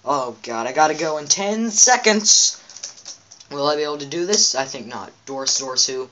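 A man's voice: fairly high pitch, expressive, moderate pace, pushed and bright. A man giving rambling, chatty commentary on his own gameplay, talking straight to his viewers from a home setup. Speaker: let's play gamer.

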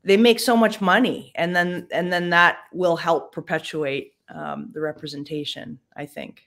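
A woman's voice: fairly low pitch, fairly even intonation, measured pace, gravelly, fairly bright tone. A woman actress chatting casually as an interview guest over a livestream video call, loose and full of fillers.

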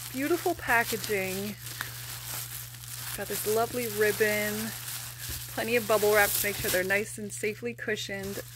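A woman's voice: mid-range voice, background noise. Gushing woman unboxing plush gifts. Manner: gushing, emotional, often laughing softly. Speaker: plush collector vlogger. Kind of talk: casual unboxing vlog.

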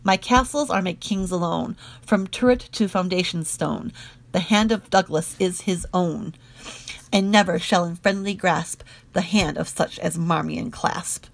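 A woman's voice: lowish voice, unhurried, creaky. A woman reading the lines of a fierce old earl in a stern, wrathful tone.

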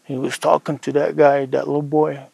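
A man from the Ute Mountain Reservation in Colorado tells a traditional story aloud, unhurried and conversational, often doubling back on his words. His voice is gravelly and sits a bit high for a man. The sound is close and dry. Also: flat delivery, mellow, dry recording, low-quality recording. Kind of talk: oral telling of a traditional story.

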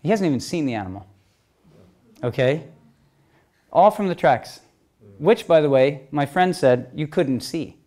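A middle-aged man telling a story at a talk, lively, moving between loud and soft passages. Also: on the high side, unhurried, pauses often. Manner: lively storyteller, swings loud and soft, acts out quoted voices. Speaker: speaker telling stories at a talk.

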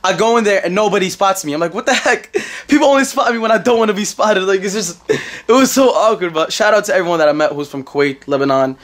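A young man with a New York accent tells a story in a casual vlog, with quick, tumbling words. His voice sits a little high for a man. He rambles, goes back over his own words and breaks into laughs. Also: fairly bright tone. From United States. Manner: rambling, repeats himself, laughs often. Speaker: vlogger.

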